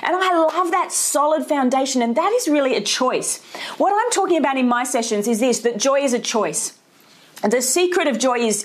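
A middle-aged woman, preaching a lively, conversational sermon full of rhetorical questions. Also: a little high. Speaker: pastor.

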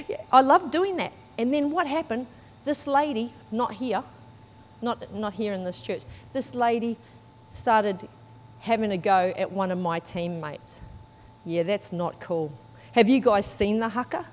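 A woman's voice: fairly high pitch, normal speed, in a large hall. A woman, preaching a sermon and telling a personal story, acting out voices and laughing often. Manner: lively storytelling, acts out quotes, laughs often. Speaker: church speaker.

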